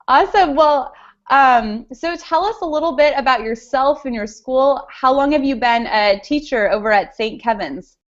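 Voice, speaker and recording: A woman with a Californian accent hosting an interview over a video call, upbeat and lively. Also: high-pitched, normal speed. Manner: upbeat, lively, some fillers. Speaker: host, interviewer. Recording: dull lo-fi video call audio.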